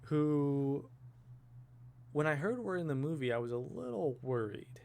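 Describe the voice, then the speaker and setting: A man rambling through a casual monologue, thinking aloud and musing to himself with soft chuckles. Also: fairly high pitch, very animated, unhurried, gravelly, slight background noise. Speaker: vlogger.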